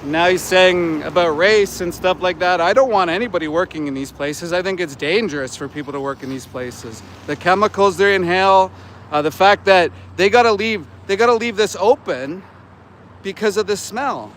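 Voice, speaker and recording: Speaking at a normal speed in a high, slightly bright voice, a man in his forties streams a live street vlog from a city sidewalk. He's a vegan activist who sounds indignant and repeats himself when challenged. Faint street noise and traffic come through from outdoors.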